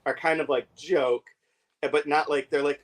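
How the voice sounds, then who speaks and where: A man co-hosting a casual book discussion, talking with many fillers and restarts and reading passages aloud quickly. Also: a little high, steady tone. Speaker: podcast co-host.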